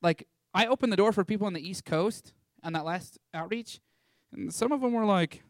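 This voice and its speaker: A young man tells a story to an audience in an animated, playful way, switching into the voices of the people he describes. His voice sits slightly high for a man. The sound is dry and close, with little room reflection. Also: moderate pace, few pauses, no room sound. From Texas. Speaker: ministry school student sharing a testimony.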